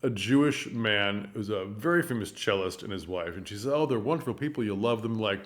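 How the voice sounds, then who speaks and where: A man giving earnest, animated commentary on a stage production, telling the story with frequent restarts. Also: lowish voice, brisk. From United States. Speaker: theater commentator. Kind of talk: casual commentary.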